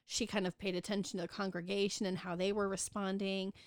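A woman's voice: mid-range voice, little pitch movement, fast, dry recording, clean studio sound. A woman co-hosting a book club podcast, casually retelling a novel's plot with many fillers and asides.

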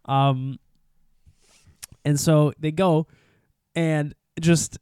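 Animated swearing podcast host, dry mic. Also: male voice, fairly high pitch, drawn-out words, clear, resonant tone, no room sound. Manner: animated retelling, acts out characters, swears often. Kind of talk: casual movie recap chat.

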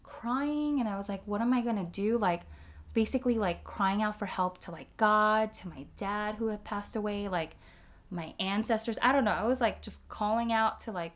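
A woman talking candidly in a casual conversation, swearing freely and filling her sentences with "like" as she tells a personal story. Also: medium pitch. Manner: frank, swears freely, many "like" fillers.

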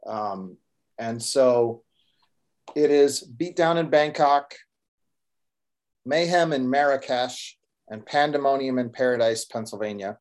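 A man's voice: mid-range voice, takes it slowly, pauses often, a little mellow. A man co-hosting a podcast, chatting casually and rambling a little with fillers. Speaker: podcast co-host and author. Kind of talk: casual chat.

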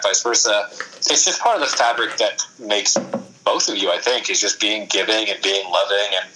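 A man's voice: on the low side, low-quality recording. A man who is a guest on a podcast, talking casually in an effusive way and laughing readily. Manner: effusive, warm-hearted, quick to laugh.

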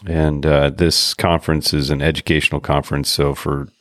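A man co-hosting a podcast, chatting casually in a rambling, halting way with lots of pauses. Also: extremely low pitch, little pitch movement, a bit bright, dry recording, studio quality. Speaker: podcast co-host. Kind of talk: casual chat.

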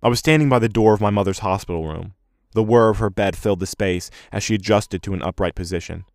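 A man narrating a first-person short story in a measured, even way. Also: low-pitched, dry recording, clean studio sound.

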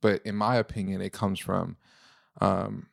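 A man co-hosting a casual relationship talk, telling stories in an animated way. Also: unhurried, gravelly, no room sound, studio quality. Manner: animated storyteller, jumps into a high falsetto to tease. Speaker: podcast co-host.

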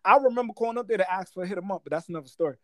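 A man in his forties from Guyana, telling stories in a casual chat, animated and laughing, full of street slang. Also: high voice, very fast, no echo.

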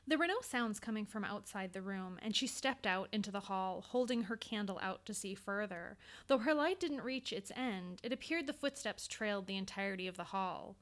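A woman reads a scripted story aloud with a measured, suspenseful delivery. Her voice sits at a middle pitch, and her pacing holds tension through the scene. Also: a bit bright. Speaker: narrator.

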